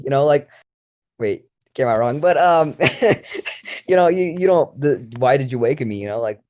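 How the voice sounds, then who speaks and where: A teenage YouTuber chats loosely and giggles between his thoughts. He uses lots of fillers and speaks at an ordinary mid pitch. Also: lively intonation, normal speed, a little mellow. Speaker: YouTuber co-host. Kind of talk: casual voice chat.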